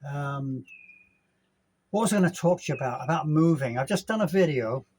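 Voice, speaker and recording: An older man talks casually into a handheld phone camera outdoors, wandering from thought to thought and correcting himself mid-sentence. His voice sits a little high for a man, and a faint outdoor ambience stays behind him throughout. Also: animated, a little fast, a little mellow, slight background noise, poor audio. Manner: rambling, chatty, self-correcting. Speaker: vlogger. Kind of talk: casual vlog chat. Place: outdoors at a gated apartment complex in Mexico.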